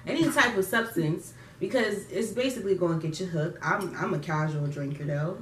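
A woman's voice: lowish voice, normal speed, fairly bright tone. A woman chatting playfully with her best friend on a vlog, laughing often. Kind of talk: casual chat with a friend. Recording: echoey room, mic at a distance, faint noise.

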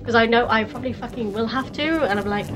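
A woman's voice: on the high side, fast. A woman hosting a let's play, chatting casually and playfully with lots of giggles. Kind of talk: casual gaming chat.

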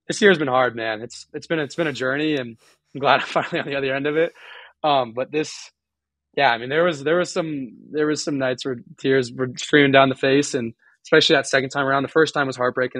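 A young man speaks quickly and candidly in a podcast interview, tripping over restarts and fillers as he goes. His tone is earnest and openly emotional, and the sound is dry and close. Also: mid-range voice, fairly bright tone, no echo. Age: young adult. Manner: rambling, halting with many restarts and fillers. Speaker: guest college runner.

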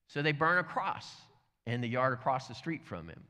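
A male pastor telling a story during a sermon, animated, with lively asides. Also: mid-range voice, brisk. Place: church sanctuary. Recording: church hall reverb.

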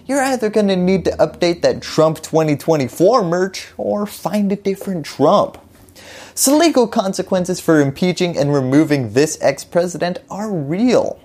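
A woman's voice: sits low, dark tone. A woman hosting a scripted political explainer, delivering it with wry, jokey asides.

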